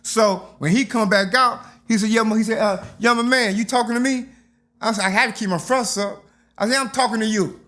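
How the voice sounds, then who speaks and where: A man's voice: sits high, a little fast, bright, forceful tone. An older man, telling stories from his youth in a casual interview and acting out the voices. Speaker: interview guest.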